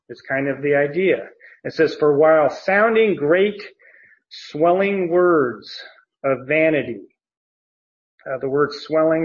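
Slow, deliberate male Bible teacher. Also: fairly high pitch, creaky, lo-fi sound. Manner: slow and deliberate, with frequent fillers and restarts.

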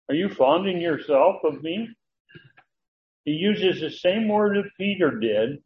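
A man's voice: a little high, narrow, tinny audio, a little hiss or hum. A man teaching a Bible study, explaining Greek words and acting out the quoted dialogue, with some restarts and fillers as he checks his notes.

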